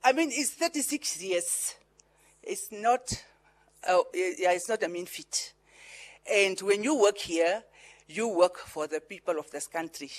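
A middle-aged Namibian woman, with Herero and Afrikaans coloring her English, gives a farewell speech after a long career in broadcasting. She talks in a lively way, with laughing asides and words she repeats. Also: lowish voice, a little slow. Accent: Namibian English, Herero and Afrikaans influenced. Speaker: veteran broadcaster and pageant director.

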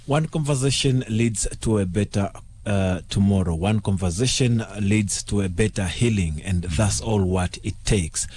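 Halting low-voiced male radio host. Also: darkish tone, a little hiss or hum. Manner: halting, many fillers and repeated words. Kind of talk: late-night radio talk show hosting.

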